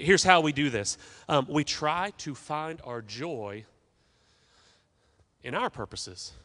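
A man's voice: fairly high pitch, fairly bright tone. A man preaching a sermon as pastor, emphatic, with call-and-response asides to the congregation. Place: church sanctuary.

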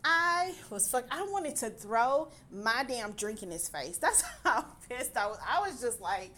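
A woman's voice: fairly high pitch, big pitch swings, measured pace, pushed and bright, a little hiss or hum. A young adult woman casually telling a personal story, exasperated, swearing freely and laughing as she goes.

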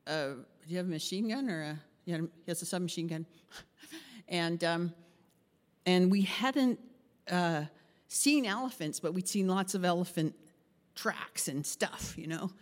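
Woman pastor preaching, tells stories all animated, does the voices, echoey hall sound. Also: fairly low pitch. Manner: animated, acts out voices in her story, laughs often. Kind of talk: sermon with storytelling.

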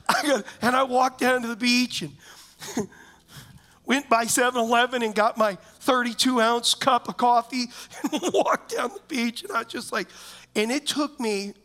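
A man's voice: very high voice, sharp tone. Man preaching a storytelling sermon. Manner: storytelling, asks the congregation questions often. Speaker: pastor. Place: church in front of a congregation.

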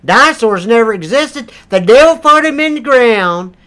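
A man voicing a crude, loud redneck churchgoer who rants and curses, with a put-on drawl. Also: extremely high pitch, lively intonation, moderate pace, heavily acted. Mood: preachy ranting. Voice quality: brash, profane, rambling. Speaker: comedic character. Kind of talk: improvised comedy role-play.

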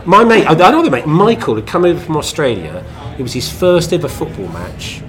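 A man in casual chat, telling lively anecdotes as a podcast co-host. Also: fairly high pitch, brisk. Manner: animated anecdotal storytelling.

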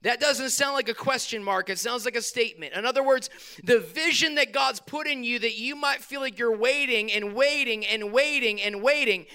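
Preaching in a church hall, this pastor has a smooth, clear voice that sits high. His lively sermon alternates between loud, impassioned outbursts and brief, offhand remarks to the congregation.

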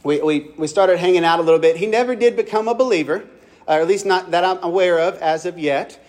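A man's voice: high-pitched, a little fast, darkish tone. A male pastor preaching a sermon. He talks like he's telling a story to friends, loose and conversational, and often restarts a phrase before finishing it. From Kentucky.

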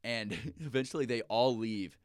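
A young man co-hosting a podcast, telling an animated story full of swearing. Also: mid-range voice, normal speed, clean tone, dry recording, clean studio sound. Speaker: podcast co-host. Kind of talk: casual chat.

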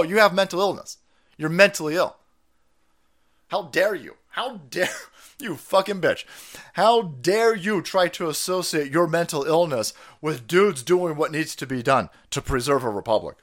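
A man's voice: a little high, moderate pace, a bit bright. A middle-aged man hosting a ranting commentary livestream, profane and sarcastic. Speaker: livestream host.

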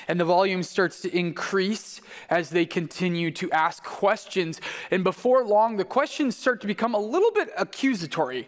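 A man's voice: high voice, lively intonation, fairly quick. A man preaching a sermon, telling the story vividly and acting out the quoted voices. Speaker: pastor. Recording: long hall reverb.

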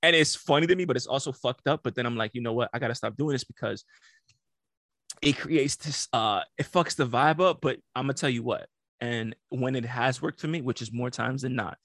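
A man's voice: mid-range voice, brisk, fairly bright tone, no room sound. A man telling stories on a podcast, loose and profane, who keeps breaking into laughter as he talks. His voice is close and dry, with no room sound around it. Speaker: podcast co-host. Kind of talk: casual chat.

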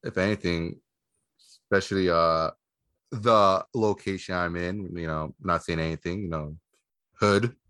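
A man with a fairly low voice trading jokes and friendly trash talk on a podcast. The sound is dry and close. He laughs often and keeps the banter loose. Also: fairly even intonation, unhurried, long pauses, pushed and bright, clean tone, no room sound. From Southern California. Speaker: podcast co-host.

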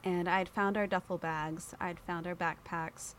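A woman guest on an interview show, telling a story in a lively way, acting out other people's voices and laughing often. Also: on the low side, unhurried, slight background noise. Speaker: podcast guest.

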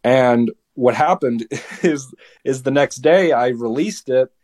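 A young man in his late teens talks as a podcast guest. He tells his side of a story in a heated, lively way and often stumbles and restarts mid-sentence. His voice sits at an ordinary male pitch. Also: slow pace. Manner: heated, animated retelling with many restarts. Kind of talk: casual storytelling.

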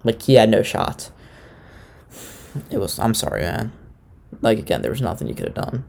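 A man's voice: lowish voice, big pitch swings, normal speed, gravelly, darkish tone, a little hiss or hum. A young man in a casual, sarcastic chat, recapping a dating show as a podcast host, loose and swearing now and then.

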